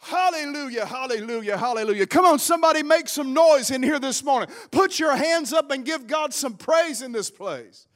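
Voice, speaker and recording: A male pastor preaching a fervent sermon, calling on the congregation and shouting declarations. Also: very high-pitched, normal speed, few pauses.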